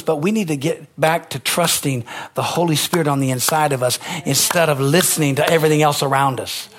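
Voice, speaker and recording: A man preaching from the pulpit, his voice pitched high and a little husky. He drives his points hard, climbing toward near-shouts as he presses them home. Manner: emphatic preaching with rising, near-shouted peaks. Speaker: pastor. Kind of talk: sermon.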